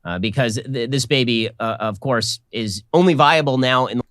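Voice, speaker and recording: A man hosts an interview, setting up questions in a measured way with occasional uhs. His voice is mid-pitched, and the studio sound is dry. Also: fairly bright tone, clear, resonant tone, no echo. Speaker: podcast host. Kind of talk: interview hosting.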